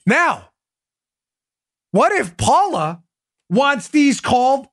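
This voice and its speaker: A man's voice: extremely high pitch, animated, a little slow, a bit bright, no room sound, clean studio sound. A man hosting a political commentary show, talking in an emphatic, mocking, sarcastic way. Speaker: podcast host.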